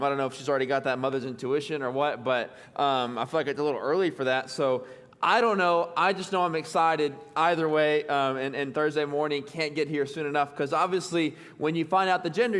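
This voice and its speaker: Chatty young preacher in an echoing hall. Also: male voice, on the high side, a bit bright. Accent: Texan. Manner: chatty, filler-heavy, self-deprecating. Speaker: pastor. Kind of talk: sermon. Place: church hall. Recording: long reverb of a church hall.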